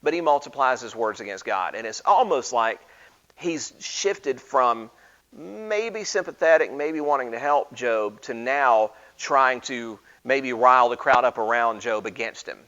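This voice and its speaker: A man's voice: mid-range voice, animated, a little slow, a bit bright. Man teaching Bible study in an easygoing, stop-start way; medium voice, somewhat dull lo-fi sound. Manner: conversational, frequent restarts and fillers, reads scripture aloud.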